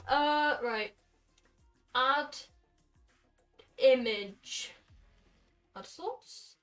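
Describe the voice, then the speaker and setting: A young woman streaming from her bedroom, chatting excitedly and gushing to her viewers. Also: on the high side. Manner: excitable, gushing, talks to chat. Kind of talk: casual live-stream chat.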